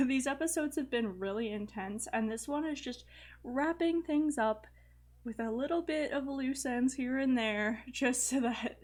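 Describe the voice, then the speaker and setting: A young woman with a slightly high, slightly mellow voice hosts a gaming video, casually commenting on her life-simulation gameplay in let's-play style. She's chatty, with frequent fillers and light laughs.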